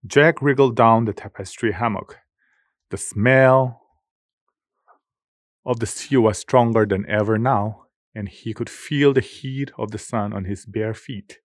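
Male audiobook narrator, lowish voice, close dry sound, measured and expressive. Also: dry recording. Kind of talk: scripted narration.

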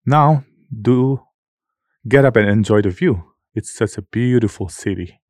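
A man voicing a gracious lady made of glowing light in a storybook reading, speaking gently and coaxingly. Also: lowish voice, unhurried, dry recording, studio quality.

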